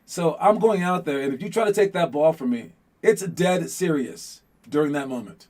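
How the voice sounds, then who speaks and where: A man hosting a casual motivational talk on a podcast, rambling and animated with lots of fillers, who grew up in Los Angeles. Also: on the high side, normal speed. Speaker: podcast host.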